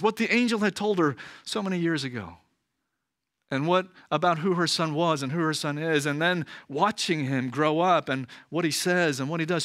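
A man's voice: a little high, normal speed, sharp tone, dry recording, studio quality. A male pastor preaching a sermon in a conversational manner, often checking in with listeners. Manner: conversational, frequent "right?" asides.

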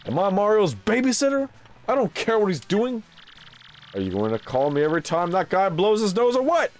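A man voicing a huge, hot-tempered male turtle-dragon king, loud and blustering, during a game playthrough. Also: sits high, huge pitch swings, fairly quick, faint music behind, pitched above the performer's own voice. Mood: gruff.

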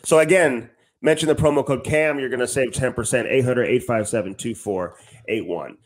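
A podcast co-host with a mid-range male voice talks at a moderate pace. He's breezy, chatting casually and reading sponsor ads, and he tacks "man" onto a lot of his lines.

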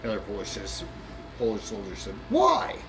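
Folksy male storyteller with lively pitch. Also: normal speed, poor audio. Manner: rambling, colloquial, with restarts. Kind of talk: folksy joke telling. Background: banjo music.

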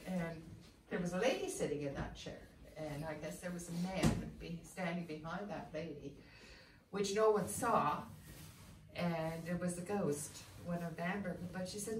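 A woman's voice: lowish voice, normal speed. A woman working as a heritage village guide tells a ghost story in a casual, rambling way, with fillers and restarts, recorded inside an old house. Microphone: camera from a distance. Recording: roomy echo, distant mic, clear background noise.

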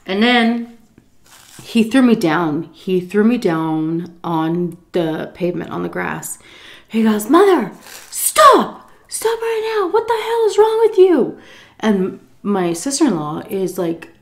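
A woman telling a story while eating, animated and profane, jumping into a high voice when she acts out quotes. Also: gravelly, roomy sound. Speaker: YouTube storyteller. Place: home, indoors.

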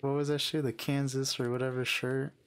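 A young man playing a game with a friend, joking and swearing excitably into a headset mic. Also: mid-range voice, brisk, smooth. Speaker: gamer. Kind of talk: casual let's play banter.

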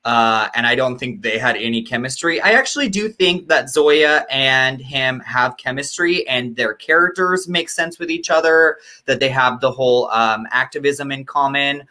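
A man's voice: mid-range voice, normal speed, few pauses, bright, forceful tone. A man appearing as a guest reviewer in a casual TV review chat, rambling and hesitant, with many restarts.

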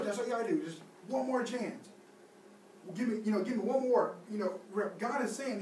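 A man's voice: high-pitched, fairly quick. Young man, youth leader, casual conversational sermon, recorded from far off in a church hall, noisy background. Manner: conversational preaching with many fillers. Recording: echoey church hall, taped from far off with noise.

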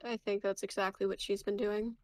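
A woman playing a caring, level-headed friend in a Minecraft roleplay, gently pressing someone to rest. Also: medium pitch, little pitch movement, brisk, no echo, close to an everyday voice. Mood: concerned. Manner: concerned, coaxing. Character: caring, level-headed woman who insists she's no NPC.

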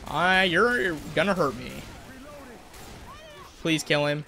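A man's voice: a little high, slow, vocal fry, soft background music. Young man with a cracking voice. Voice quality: voice keeps cracking. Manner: jokey, excitable, trash-talking the game. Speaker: gaming YouTuber. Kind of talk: let's play commentary.

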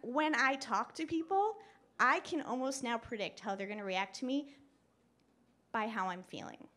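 A woman telling a story on stage at a live show, chatty and animated, laughing often and using lots of "like" and "you know". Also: a little high, moderate pace. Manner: laughs often while talking. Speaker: guest speaker. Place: live show at a club venue.

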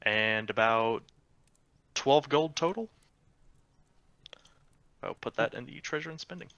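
Gravelly game master. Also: male voice, mid-range voice, lively intonation, takes it slowly, a bit bright, lo-fi sound. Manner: casual, self-deprecating. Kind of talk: narrating a tabletop game.

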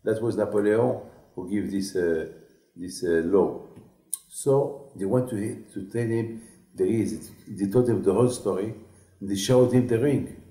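Slow, halting rabbi. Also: male voice, lowish voice, dark tone. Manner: halting, repetitive storytelling. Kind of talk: storytelling sermon. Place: synagogue class hall. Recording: echoey room.

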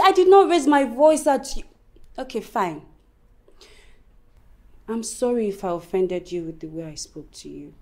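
A woman playing a devoted young wife and daughter in a Nigerian film drama, pleading softly, with a Nigerian accent. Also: mid-range voice, natural voice. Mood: defensive. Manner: pleading, soft-spoken.

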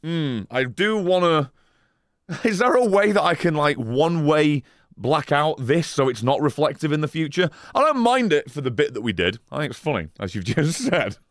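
Rambling swearing streamer man, lively pitch. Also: moderate pace, no room sound, studio quality. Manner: rambling, swearing, laughing between thoughts. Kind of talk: casual live stream chat.

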